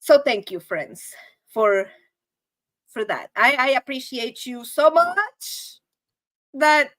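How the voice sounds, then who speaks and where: A woman's voice: sits high, big pitch swings, slow pace, fairly bright tone, dry recording. A woman hosting her channel's live show, talking casually and emotionally to viewers. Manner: emotional, laughing, chatty with viewers. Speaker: channel host. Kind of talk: casual livestream chat.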